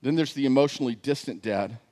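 A man preaching a sermon as a pastor, telling stories with loud, high jokes and dropping soft and low for serious points. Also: fast. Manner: animated storyteller, climbs loud and high when joking.

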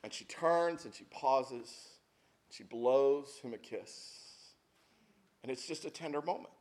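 A man in his fifties, a pastor, tells stories during a sermon in a folksy, conversational way, tossing asides to the congregation. His voice is medium-pitched and somewhat dark, and he speaks unhurriedly.

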